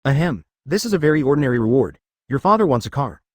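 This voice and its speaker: A man's voice: medium pitch, very animated, quick pace, no room sound, clean studio sound. A man voicing a curious, teasing young wife and mother in a read-aloud web novel. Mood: curious, playful. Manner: curious, playful.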